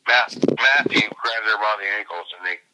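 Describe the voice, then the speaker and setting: A man's voice: on the low side, normal speed, pushed and bright. A man telling a long, profane story in casual conversation, full of fillers and restarts, recorded from a phone call. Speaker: interviewee.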